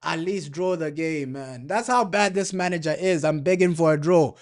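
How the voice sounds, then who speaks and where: A man's voice: a little high, moderate pace. Slangy man ranting over a live match. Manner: slangy, repetitive, frustrated ranting. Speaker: football watchalong streamer. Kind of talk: casual live match commentary.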